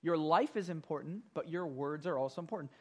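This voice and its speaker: A man's voice: a little high, fairly quick. A man pastor teaching a Bible class, earnest and explanatory, often repeating words as he explains.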